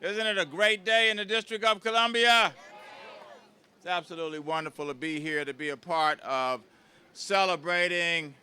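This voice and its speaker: A man's voice: sits high, normal speed, pushed and bright, clear, resonant tone. A man, a city mayor, giving upbeat remarks to a crowd at an outdoor street event. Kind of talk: public speech at a street event.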